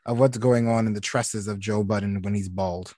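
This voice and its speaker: A man co-hosting a podcast in casual chat, blunt and sassy, telling animated stories. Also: on the low side, normal speed, no room sound, clean studio sound. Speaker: podcast co-host.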